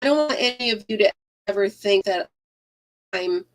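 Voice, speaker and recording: Woman, unhurried, rambling livestream crochet host who greets viewers by name. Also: medium pitch, gravelly. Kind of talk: casual livestream chat while crocheting. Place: craft room at home.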